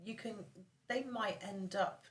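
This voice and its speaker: A woman's voice: mid-range voice, unhurried, echoey room, recorded from a distance, a crowd in the background. A woman co-hosting a casual podcast chat, candid and reflective as she tells a personal story. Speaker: podcast co-host.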